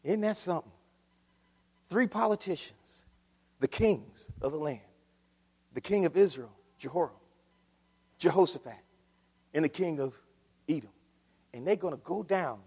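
A man preaching a sermon as pastor, swinging from quiet asides to loud shouts. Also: fairly high pitch, lively intonation, measured pace, long pauses, husky. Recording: long hall reverb.

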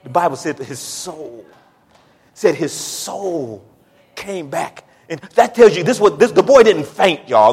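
A man preaching a sermon in a church, building from low, drawn-out talk to shouted, pleading prayer. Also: slightly rough. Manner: Southern-style preaching cadence, says y'all. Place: church sanctuary. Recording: echoey church hall.

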